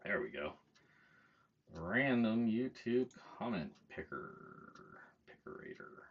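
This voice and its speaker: A man's voice: lowish voice, big pitch swings, moderate pace. A man hosting a casual livestream, talking in a profane, self-mocking way and chuckling at his own jokes. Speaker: livestream host. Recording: dull lo-fi stream audio, faint noise.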